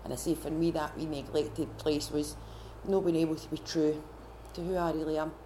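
A woman's voice: sits low, level tone, dark tone, slight background noise. Scottish woman giving a heartfelt testimony. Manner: heartfelt, halting, with many restarts. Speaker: retreat participant sharing testimony. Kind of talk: personal faith testimony. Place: retreat gathering room.

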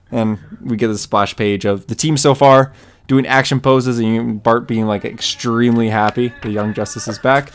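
A man's voice: normal speed, smooth. A man co-hosting a podcast, eagerly recapping a comic issue and playing out the characters' lines in a raised voice. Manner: excited retelling, acts out character lines in a higher voice. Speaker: podcast co-host. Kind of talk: casual comic book chat.

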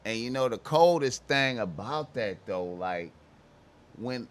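A man talking on his own in a casual, slangy monologue, swearing, repeating phrases and now and then shouting in voices he mimics. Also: mid-range voice, animated, takes it slowly. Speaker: commentator.

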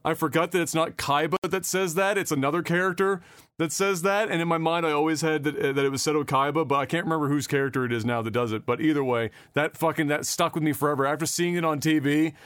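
A talkative man hosts a casual podcast, his voice sitting a little high for a man. He rambles loosely from one topic to the next and swears without a second thought. The sound is close and dry, with no room around it. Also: quick pace, a bit bright, clear, resonant tone, dry recording. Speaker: podcast host. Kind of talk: casual chat.

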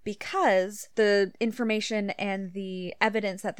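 A woman's voice: a little high, animated, no echo, studio quality. A woman from Canada co-hosting a podcast, explaining a point at length in a casual way and insisting on her point. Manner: explanatory, insistent, quick asides. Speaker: podcast co-host. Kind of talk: casual educational podcast chat.

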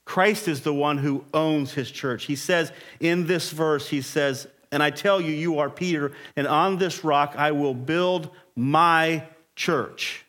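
A man's voice: a little high, slow pace, few pauses, fairly bright tone. A man preaching a Sunday morning sermon as pastor, emphatic and rising in intensity.

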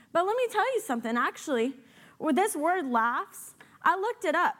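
High-voiced woman preaching a lively sermon. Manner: animated, with playful sarcastic asides. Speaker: guest preacher.

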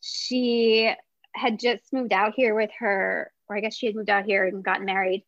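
Woman, business founder, casual interview storytelling, chatty, excitable, lots of fillers, lo-fi sound. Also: mid-range voice, moderate pace, no room sound.

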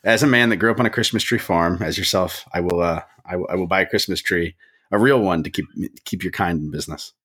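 Husky low-voiced man teasing his co-host. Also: fast talker, fairly bright tone. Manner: wry, teasing banter. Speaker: podcast co-host. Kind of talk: casual podcast chat.

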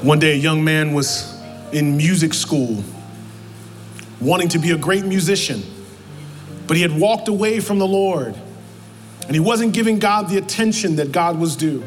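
A man preaching a sermon as pastor, in a conversational, animated way that keeps breaking into acted-out quotes. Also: fairly high pitch, moderate pace, long pauses, soft background music. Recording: long reverb of a large hall, faint noise.

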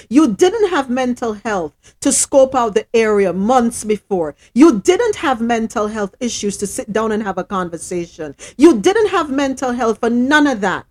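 Brief: woman host, fairly high, animated and insistent. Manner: emphatic, repetitive, indignant. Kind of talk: heated discussion.

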